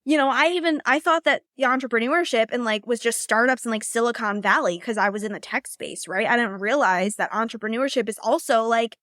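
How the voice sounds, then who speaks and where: A young woman hosting her podcast, telling her personal story in a casual, chatty way, full of "like" and quick laughs. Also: a little high, fairly bright tone, no echo, clean studio sound. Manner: casual, heavy use of "like", laughs often. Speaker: podcast host and coach.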